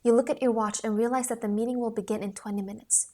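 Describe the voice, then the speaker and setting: A woman reading a book on acting aloud in an earnest, instructional way, sometimes dropping to a hush. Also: fairly high pitch, steady tone, quick pace. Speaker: audiobook reader.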